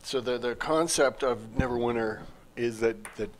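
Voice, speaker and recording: A man's voice: medium pitch, normal speed. A man speaking casually on a game livestream, a developer answering questions and teasing his co-host with dry wit. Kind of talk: casual gaming livestream chat.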